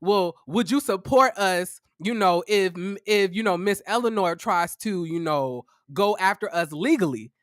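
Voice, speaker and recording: A man playing a timid young male roommate with a lowered, quiet voice. He hedges every sentence with fillers. The sound is dry. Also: unhurried, hardly any pauses, no room sound. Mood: hesitant. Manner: hesitant, full of fillers.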